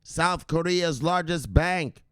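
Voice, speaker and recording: A man putting on a voice of an overexcited guy yelling crypto news at his woman, shouting and stretching out his words. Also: a little high, clean tone, no room sound, clean studio sound, pitched above the performer's own voice. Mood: hyped. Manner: shouting, repeating "look, look", drawn-out words.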